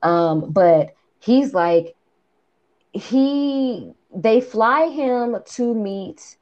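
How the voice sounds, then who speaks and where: A woman co-hosting a movie review podcast, retelling scenes in casual, profane, animated chat. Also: on the high side, drawn-out words, dull audio. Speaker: podcast co-host.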